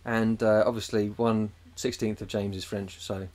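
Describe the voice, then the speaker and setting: A man's voice: lowish voice, level tone, moderate pace, a little mellow. A man, co-hosting a podcast in casual chat, rambling and swearing as he jumps into put-on voices. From England. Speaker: podcast co-host.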